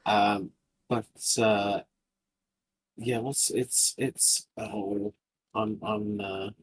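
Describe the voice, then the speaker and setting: A man chatting casually on a podcast, halting and hesitant, with many pauses while he searches for words. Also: lowish voice, steady tone, a little hiss or hum, low-quality recording. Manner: halting, full of filler sounds and restarts. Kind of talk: casual chat.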